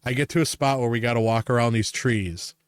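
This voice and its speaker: A man's voice: medium pitch, a little fast, no echo, studio quality. A man co-hosting a podcast, telling a story in casual chat, swearing often and laughing as he talks. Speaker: podcast co-host.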